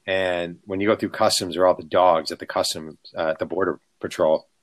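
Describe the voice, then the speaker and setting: A man with a somewhat low voice spins anecdotes in relaxed talk. He is an author guest, animated, and slips into the voices of the people in his stories. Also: fairly quick. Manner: animated, acts out quotes. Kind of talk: casual storytelling.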